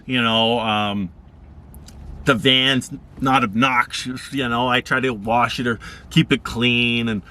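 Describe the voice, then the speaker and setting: Man, casual vlog storytelling, rambling, laid-back, bright voice. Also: smooth. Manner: rambling, laid-back, acts out quoted people in higher voices. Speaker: vlogger.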